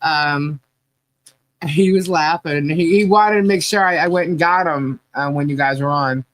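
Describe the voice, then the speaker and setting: A woman hosting a live podcast stream and reading the chat, chatty and halting, laughing often. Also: low-pitched, poor audio.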